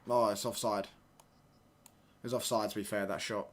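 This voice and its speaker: Excitable young man. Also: on the low side, unhurried. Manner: excitable, slangy, swears, reacts to play and chat. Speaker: watchalong host. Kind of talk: live football watchalong chat.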